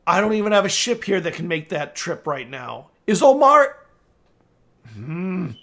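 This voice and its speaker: A man voicing an irritable noble father, a lord who makes demands and bursts into shouts. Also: high-pitched, sing-song, measured pace, full character voice. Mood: exasperated.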